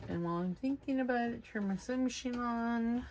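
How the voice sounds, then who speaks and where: A middle-aged woman running a craft channel keeps up casual, self-deprecating chatter while cutting, sewing and inking, often speaking to herself. Her voice is on the high side and fairly quick, and the recording is very noisy.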